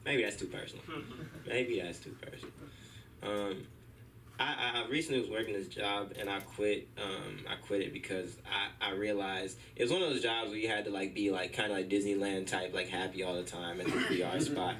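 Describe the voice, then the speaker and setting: Young male stand-up comic, bright and animated, heard from a distant mic in a club with faint noise. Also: on the low side, a little fast. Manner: animated storytelling, acting out voices. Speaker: stand-up comedian. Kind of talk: stand-up set at an open mic. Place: comedy club stage.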